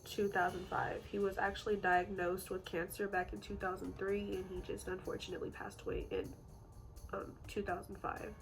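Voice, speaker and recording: A woman's voice: medium pitch, poor audio. A young woman casually telling a true story while doing her makeup, chatty and full of fillers. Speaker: beauty vlogger telling a true-crime story.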